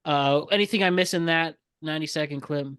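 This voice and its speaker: A man hosting a casual podcast, explaining things to listeners with quick asides. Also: a little high, a bit bright, clear, resonant tone, no room sound. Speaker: podcast host.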